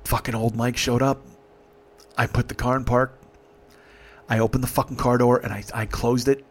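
A middle-aged man hosting a podcast, telling a story emphatically with heavy swearing. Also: mid-range voice. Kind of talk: profane storytelling monologue.

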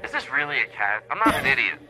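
A man's voice: mid-range voice, sing-song, quick pace, pushed and bright, faint music behind, poor audio. A man hosting a comedy podcast, playing out an improvised bit with a mock-earnest manner as he talks to a pretend caller.

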